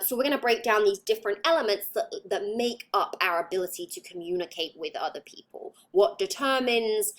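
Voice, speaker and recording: A woman's voice: medium pitch, a bit bright. A woman with an English accent, a psychology lecturer explaining patiently with frequent ums and worked examples. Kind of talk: recorded lecture.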